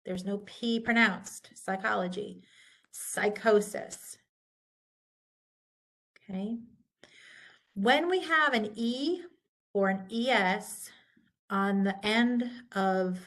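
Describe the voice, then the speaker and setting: Lady teacher talking real slow and patient, going over rules step by step. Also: mid-range voice, gravelly, a bit bright. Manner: patient, slow and deliberate, contrasting correct and wrong pronunciations. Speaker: instructor. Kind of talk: recorded lecture.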